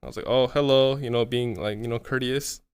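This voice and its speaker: A man's voice: medium pitch, steady tone, brisk, clean tone, no room sound. A man in his thirties streaming, telling a rambling story with lots of swearing and "right?" fillers. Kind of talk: casual storytelling chat.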